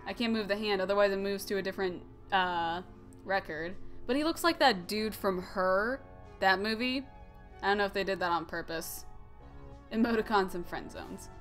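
A woman's voice: mid-range voice, normal speed, a bit bright. A young woman chatting her way through a point-and-click game, giggling and tossing out jokes and tangents in a mid-range voice. Faint game music sits under her talk. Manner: giggly, joking, rambling asides. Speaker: let's play host. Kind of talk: casual gameplay commentary.

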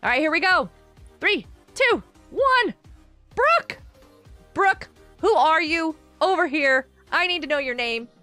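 A woman's voice: extremely high pitch, lively intonation, slow pace, pushed and bright, soft background music. A woman hosting a live game stream, bubbly and gushing as she greets viewers in chat by name.

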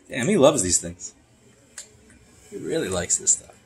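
Brief: man, sardonic pet-talk, animated pitch, faint noise behind. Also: measured pace, long pauses. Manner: sarcastic, baby-talk to a pet. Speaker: channel host. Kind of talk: casual talk to his cat.

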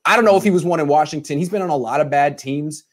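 A man's voice: a little high, fast talker. A man hosting a sports podcast panel, handing out turns and giving his own easygoing take. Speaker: podcast host. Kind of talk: sports talk show.

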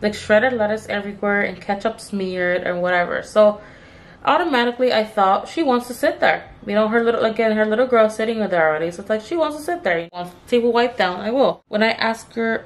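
A young woman telling a story about her job in a casual, chatty way while doing her makeup, acting out the lines in a raised voice and swearing now and then. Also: fairly quick. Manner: animated, acts out the customer's lines with raised pitch; swears casually, addresses viewers as "you guys". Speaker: beauty vlogger telling a story.

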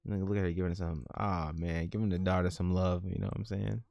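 Brief: male gaming host with a low voice, dry close mic, casual slangy commentary. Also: fast, vocal fry, dry recording, muffled recording. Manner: animated, slangy, laughs at his own jokes. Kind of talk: casual let's-play commentary.

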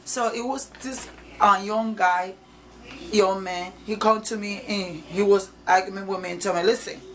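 A woman's voice: mid-range voice, steady tone, unhurried, fairly bright tone, rough recording. A woman evangelist preaching informally to camera, emphatic and repetitive, in nonstandard English.

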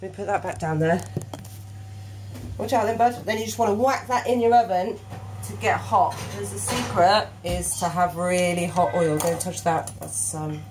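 A woman's voice: fairly low pitch, normal speed, music in the background. A woman in her thirties, casually explaining a recipe in her home kitchen while guiding her little boy, filmed on her phone. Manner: chatty, instructive, coaxing a small child. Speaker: parent teaching a recipe. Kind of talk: casual cooking demonstration. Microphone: phone camera held by hand. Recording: noisy home kitchen recording.

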